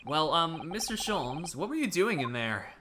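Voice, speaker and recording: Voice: medium pitch, sing-song, a little slow, background noise. A streamer reading a hesitant polite young man. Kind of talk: voicing game dialogue on a stream.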